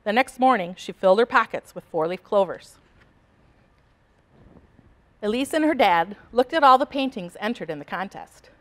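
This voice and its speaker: A woman reading a picture book aloud to children in an expressive, animated storytelling voice. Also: medium pitch, moderate pace, long pauses. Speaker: storybook reader.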